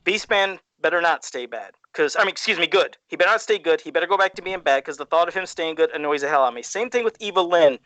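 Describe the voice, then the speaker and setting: A man co-hosting a casual podcast, loose and animated, and quick to swear. His voice sits high and sounds bright. The recording is dry and close, with no room sound. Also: no room sound. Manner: profane, animated, laughs often. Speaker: podcast co-host.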